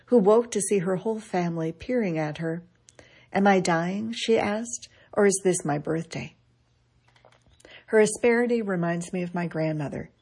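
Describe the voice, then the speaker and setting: Husky, wry woman reading an essay. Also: on the low side, darkish tone. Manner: wry, measured, quoting others with dry emphasis. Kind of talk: scripted reflective narration.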